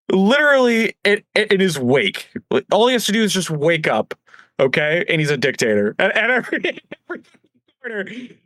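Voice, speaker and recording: Brief: lively, swearing male co-host, rants fast, dry home mic. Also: sits high, no echo. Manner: animated, profane, mimics politicians. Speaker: podcast co-host. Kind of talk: casual political rant. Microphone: home microphone.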